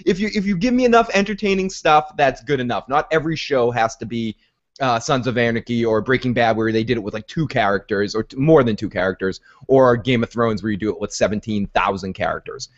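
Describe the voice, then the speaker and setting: A man hosts a casual podcast about a TV episode, talking in an animated, joking way with frequent laughs. His pitch sits in the middle of the male range. The recording sounds dull and lo-fi. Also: brisk. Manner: animated, laughs, mimics characters in high voices. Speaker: podcast host. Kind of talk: casual TV recap chat.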